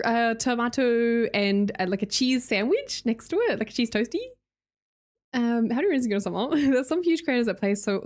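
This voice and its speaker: A young Australian woman streamer chatting casually with her viewers, reading their messages aloud and laughing often. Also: on the high side. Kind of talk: casual chat with live chat readers.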